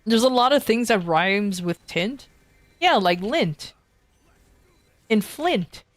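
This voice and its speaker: A woman's voice: medium pitch, expressive, slow pace, no echo, faint music behind. Young woman streaming, rambly and sweary, laughs a lot, dry close sound. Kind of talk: casual chat storytelling.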